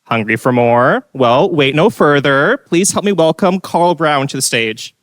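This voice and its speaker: A man's voice: a little high, expressive, a little slow, a bit bright, no echo. Upbeat man reading a speaker intro. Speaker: event host introducing speakers. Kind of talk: scripted introduction.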